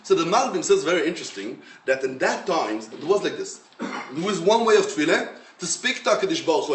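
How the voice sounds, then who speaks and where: A man, a rabbi giving a Torah lecture in English, his language being Hebrew, with an emphatic, animated storytelling manner. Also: a little high, a little hiss or hum. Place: lecture room. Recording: roomy echo, mic at a distance.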